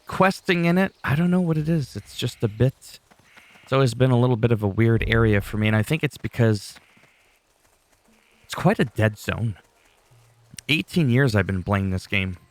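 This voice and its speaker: A man's voice: medium pitch, animated, moderate pace, long pauses. A man giving casual, rambling gameplay commentary with dry sarcastic asides.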